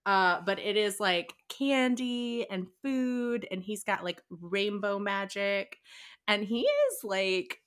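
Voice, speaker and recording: A woman co-hosting a casual book podcast, telling a story in a giggly, animated way with lots of fillers. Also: mid-range voice, slow. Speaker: podcast co-host.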